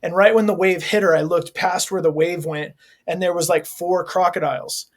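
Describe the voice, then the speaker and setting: A man's voice: high voice, steady tone, normal speed. Laid-back earnest man with slangy speech. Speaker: hardcore band vocalist, interview guest. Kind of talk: candid casual interview talk.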